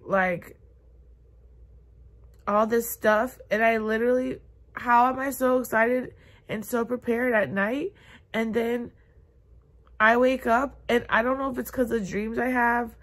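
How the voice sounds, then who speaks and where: A young woman in her twenties talks to her phone camera from bed, upset and on the edge of tears. Her voice sits a little high. She stumbles through her thoughts in a halting, confessional way, filling gaps with "like" and "um". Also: steady tone, a bit bright. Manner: tearful, halting, many fillers. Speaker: vlogger. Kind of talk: confessional vlog. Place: bedroom, in bed.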